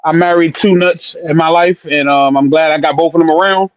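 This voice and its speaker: A man's voice: a little high, steady tone, fairly quick, no room sound. A man speaking as a guest in a casual podcast chat, joking and playful. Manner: joking, playful, self-mocking.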